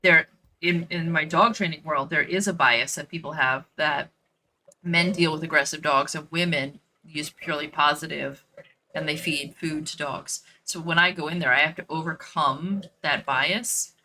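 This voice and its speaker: A woman's voice: low voice, moderate pace, pushed and bright, slight background noise, low-quality recording. A woman who works as a dog trainer, chatting casually and thinking aloud while she plays a game, with lots of "like" and "you know" fillers. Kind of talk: casual chat while gaming.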